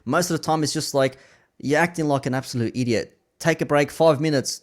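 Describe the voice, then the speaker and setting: A relaxed man talks loosely in casual conversation, cursing easily and breaking into laughter. His voice sits at an ordinary middle pitch. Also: brisk. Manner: laid-back, swears freely, laughs often. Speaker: podcast host and DJ. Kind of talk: casual chat.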